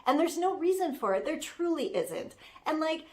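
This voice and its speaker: A woman's voice: sits high, sing-song, normal speed, darkish tone. A woman voicing a sassy young Gen Z social media manager who rants in exasperation and fills her talk with "like". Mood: indignant. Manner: filler-heavy, exasperated ranting. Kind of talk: comic character rant.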